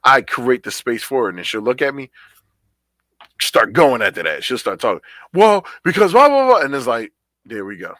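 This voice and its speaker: A man's voice: medium pitch, normal speed, sharp tone, no echo. A man co-hosting a podcast, talking in a laid-back, slangy, conversational way. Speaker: podcast co-host.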